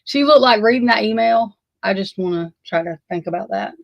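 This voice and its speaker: A woman's voice: medium pitch, a little fast, creaky, dry recording, lo-fi sound. Female streamer, rambling, cusses, dry close mic. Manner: flustered, rambling, swears freely. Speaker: livestream host. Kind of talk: casual livestream chat.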